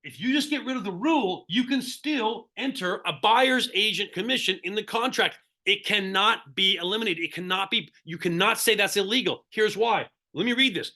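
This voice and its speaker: A middle-aged man lectures real estate agents in short, punchy bursts, hammering his points home by saying them twice. His voice sits high for a man and rings bright and forceful. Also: normal speed, hardly any pauses. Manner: emphatic, repeats key points; speaks in short punchy phrases. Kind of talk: seminar-style lecture.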